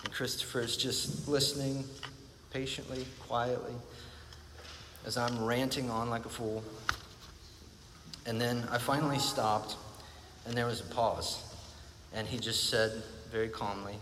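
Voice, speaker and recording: A man preaching a sermon at an ordinary, middling pitch, his earnest and reflective words trailing into a long reverb. He often repeats phrases to drive a point home. Faint noise sits underneath the recording. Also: steady tone, a little slow, pauses often.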